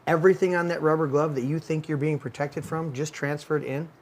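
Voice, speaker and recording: A man's voice: on the high side, steady tone, a little fast, slight background noise. A man hosting a talk show, telling stories in a heated, profane rant. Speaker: podcast host. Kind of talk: casual ranting talk show.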